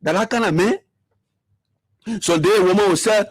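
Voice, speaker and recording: Male commentator, high husky voice, dry close sound, impassioned and repetitive. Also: moderate pace, no echo. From Liberia. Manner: fiery, repetitive, rhetorical questions. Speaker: political commentator.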